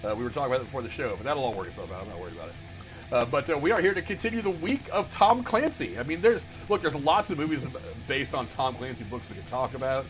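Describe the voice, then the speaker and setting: Male podcast host, quick delivery, chatty, with loose restarts. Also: mid-range voice, expressive, music in the background. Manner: chatty, laughs easily, many restarts. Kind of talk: casual movie review chat.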